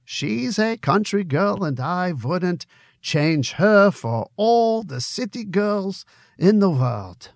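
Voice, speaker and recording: A jovial German barkeep, as a man reads him aloud for a storybook, teasing and warm-hearted, speaking in a put-on German accent. He stretches his words out slowly and with relish. The recording is close and dry. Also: high voice, sing-song, gravelly, no room sound, pitched above the performer's own voice, exaggerated voice. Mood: fond. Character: jovial middle-aged German tavern keeper, teasing.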